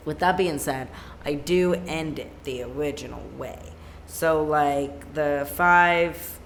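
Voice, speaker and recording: A musician talks through a live stream at home in an unhurried, drawn-out way, wandering from point to point and padding thoughts with "like." The voice sits at an ordinary middle pitch, with a faint hiss of room noise behind it. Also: creaky, fairly bright tone. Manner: rambling, leans on "like" fillers. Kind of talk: casual live-stream chat. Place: home room with a plain white backdrop.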